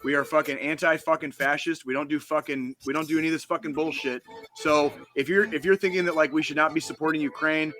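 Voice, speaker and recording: Man, podcast co-host, bright forceful tone, fast swearing rants, music faint behind. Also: fairly high pitch, steady tone. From United States. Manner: profane, heated ranting. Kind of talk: casual podcast chat.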